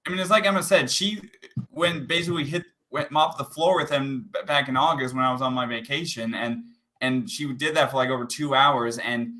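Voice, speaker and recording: A man hosting his own livestream, chatting loosely and circling back on his thoughts. His voice is bright and forward. He keeps a steady middle pitch. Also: fairly quick, poor audio. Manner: rambling, full of restarts. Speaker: livestream host. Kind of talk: casual livestream chat.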